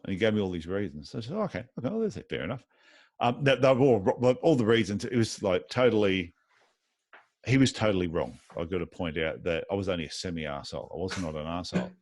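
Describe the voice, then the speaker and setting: A man with a fairly low voice talks as a guest in a casual interview, recorded dry and close. He runs a podiatry clinic and tells his stories by acting out the exchanges between the people in them. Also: darkish tone, no room sound. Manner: tells anecdotes with lots of reported dialogue.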